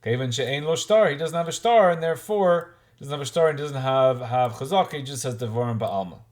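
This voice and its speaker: A man explains Talmud in a relaxed class. His voice sits at a middle pitch, and he works through the material aloud, often restarting and mixing Hebrew and Aramaic terms into plain speech. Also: a little fast. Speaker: Talmud teacher.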